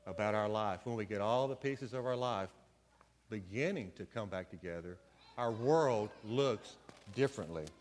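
A man's voice: lowish voice, animated, moderate pace, in a large hall, slight background noise. A man preaching a conversational sermon, with folksy storytelling asides. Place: church sanctuary.

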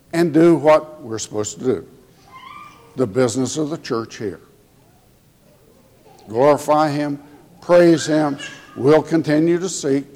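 Slow emotional preacher in a church. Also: male voice, a little high, a little mellow. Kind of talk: sermon. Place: church sanctuary. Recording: long hall reverb.

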